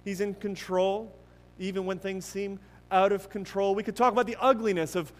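A man preaching a sermon earnestly and emphatically, with many restarts, swinging between loud stresses and hushed passages. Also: high voice, fairly even intonation, moderate pace, big-room sound. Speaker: pastor.

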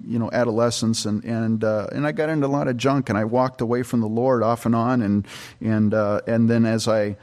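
Man, middle-aged pastor, earnest conversational Bible teaching, halting restarts, medium pitch. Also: fairly even intonation, a little mellow.

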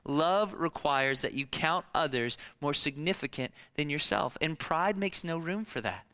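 A man's voice: fairly high pitch, a little slow, bright, forceful tone. A man in his thirties preaching a sermon in a conversational way, asking rhetorical questions and telling stories from his own family life. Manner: rhetorical questions and personal anecdotes. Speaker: pastor.

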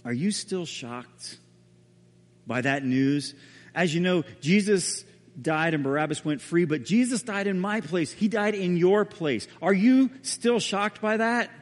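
A man preaching a sermon as a pastor, telling the story dramatically and often dropping to a hushed voice. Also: high voice, unhurried. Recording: reverberant hall.

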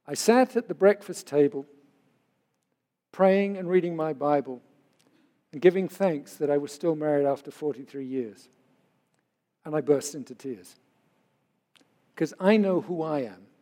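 High-voiced older man preaching in a hall. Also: mellow. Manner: earnest, conversational preaching with personal stories. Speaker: pastor. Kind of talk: sermon.

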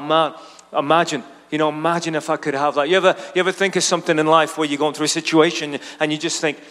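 This pastor has a high-pitched, fairly bright voice. Preaching in a large church auditorium with long reverb, he relates a story conversationally and keeps addressing the congregation in asides.

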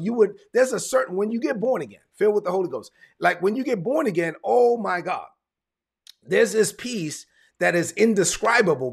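A pastor with a high, gravelly, husky voice delivers a sermon in a conversational, emphatic manner, repeating his points.

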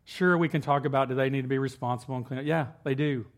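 A man's voice: mid-range voice, fairly even intonation, fast. A man in his thirties preaching with mock-serious sarcasm, talking conversationally with many fillers. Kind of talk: sarcastic sermon.

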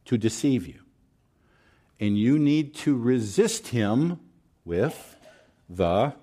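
A man's voice: medium pitch, darkish tone. A male pastor delivering a sermon, asking his listeners questions and breaking into a folksy story.

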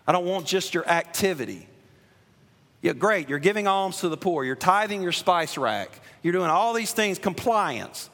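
Man, pastor, sermon, high voice, emphatic, earnest, long hall reverb. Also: a bit bright. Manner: earnest, emphatic preaching with frequent restarts.

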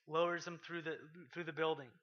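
A man preaching a sermon, reading scripture aloud with rising intensity and dropping to quiet asides. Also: fairly high pitch, level tone, a little fast. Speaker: pastor. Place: church. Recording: lo-fi sermon podcast recording.

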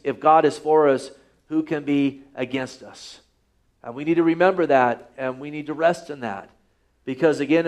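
A man delivering a sermon from the pulpit, with a voice pitched a little above most men's. He drives his points home by repeating rhetorical questions and stressing key words. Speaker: pastor.

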